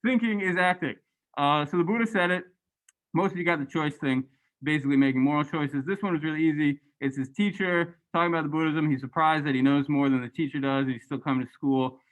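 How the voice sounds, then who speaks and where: A man lecturing a university class and going over graded answers, animated and chatty, often adding "right?". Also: fairly high pitch, fast, poor audio. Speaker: university religious studies lecturer.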